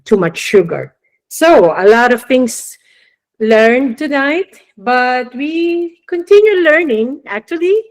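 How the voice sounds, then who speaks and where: A woman hosts a radio talk show in a mid-range voice. She speaks slowly and earnestly, setting out her points one at a time. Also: mid-range voice, low-quality recording. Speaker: radio program host. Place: radio studio.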